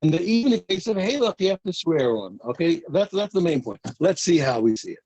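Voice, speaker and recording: A man teaching a daily Talmud page in a slightly high, husky voice. He explains each case by acting out both sides of the argument, often repeating words as he goes. The recording is dry and close. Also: big pitch swings, brisk, darkish tone, no echo, poor audio. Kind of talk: daf yomi Talmud lesson.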